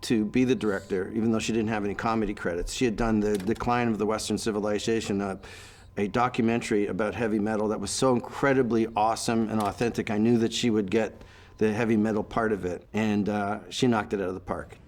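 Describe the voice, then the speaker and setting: A man's voice: fairly low pitch, fairly even intonation, fast, a little mellow. Man telling anecdotes, acting out voices. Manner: anecdotal, acts out quoted voices. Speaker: interviewee. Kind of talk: reminiscing interview.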